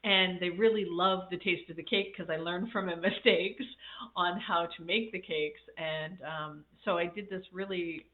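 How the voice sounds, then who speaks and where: A woman life coach speaks on a casual livestream in a fairly low, steady voice at a measured pace, telling reflective stories packed with fillers. She sounds slightly congested and coughs, still recovering from an illness. The audio is tinny, like it came through a phone.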